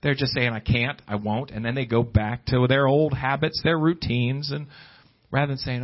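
A man preaching a sermon, swinging between high pleading exclamations and low hushed asides. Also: steady tone, moderate pace. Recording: dull lo-fi recording.

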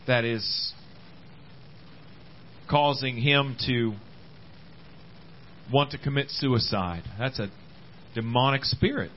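A man preaching a sermon, with words often repeated and frequent amens, swinging between loud rising calls and quiet low asides. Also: slow pace, long pauses, highs cut off, slight background noise. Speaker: pastor. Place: church service.

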